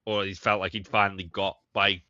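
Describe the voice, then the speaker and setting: A man with a low, very bright voice chats on a podcast, often swearing and restarting his sentences. The audio is a little muffled and dry, with no room sound. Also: level tone, no echo. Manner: halting, sweary. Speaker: podcast co-host. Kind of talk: casual chat.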